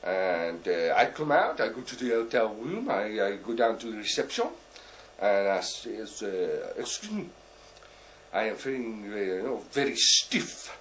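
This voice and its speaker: A bumbling, boastful deep sea diver, played by a man spins his tale in broken, halting English and keeps stopping for "uh" and "you know". His voice swoops up and down with lively pitch as he rambles along. There is a faint hiss behind him. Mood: rambling. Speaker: comic storyteller. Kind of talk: character stand-up monologue.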